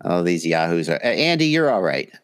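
A man's voice: low voice, very animated, brisk. An American man, a guest on a livestream, chatting in a casual, self-mocking and joking way.

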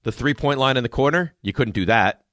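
A man's voice: medium pitch, fairly quick, no echo, studio quality. A man co-hosting a casual chat, telling self-mocking stories about coaching a youth basketball team. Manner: animated, self-mocking storytelling.

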